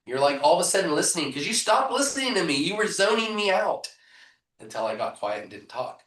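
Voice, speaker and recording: A man coaching real estate agents in a live training, punchy and energetic, often asking rhetorical questions over a video call. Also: high voice, brisk. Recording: echoey room, voice far from mic.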